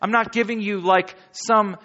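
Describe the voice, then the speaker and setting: Reading from scripture, a high-voiced man preaches to his congregation as their pastor, animated and chatty, with slow pauses for dramatic effect. The audio is muffled and has a long reverberating tail.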